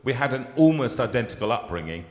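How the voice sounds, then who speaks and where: A man in his fifties hosts a live studio talk show, bantering easily with his guest. His voice is animated and swoops about in pitch. It carries a roomy sound with a long reverb tail. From London, England. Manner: jokey, chatty, quick to laugh. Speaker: host. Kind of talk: casual chat.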